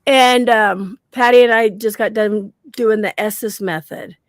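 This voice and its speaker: A woman and guest paranormal researcher, telling her stories in an animated way, acting out quotes and laughing often. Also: medium pitch, measured pace, dry recording, clean studio sound. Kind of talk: casual storytelling on a podcast.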